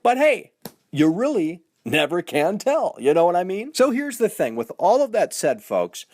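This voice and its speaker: Animated man hosting game news. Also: a little high, no echo, clean studio sound. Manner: animated, addresses viewers as folks; repeats "you know what I mean". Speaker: gaming news channel host. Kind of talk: casual video commentary.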